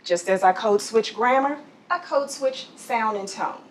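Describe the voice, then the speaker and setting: In an office training room, a woman who trains people in voice and presence coaches a corporate group, posing questions and laughing often. Her voice is fairly high and unhurried, and the recording is rough.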